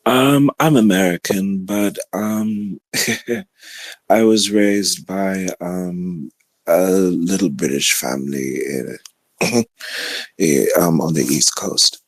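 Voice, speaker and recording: A man's voice: low-pitched, takes it slowly, dry recording. A man calling in to a talk show, polite and hesitant, stalling with ums and nervous giggles. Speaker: caller. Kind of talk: call-in radio talk.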